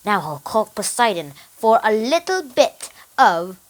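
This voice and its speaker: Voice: medium pitch, sing-song, a little slow. A young speaker voicing a vengeful one-eyed giant.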